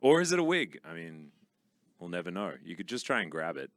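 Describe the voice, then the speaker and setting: A man's voice: low-pitched, sing-song, no room sound. A male esports caster in casual, joking broadcast banter with his co-caster. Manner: playful, joking, quick to laugh.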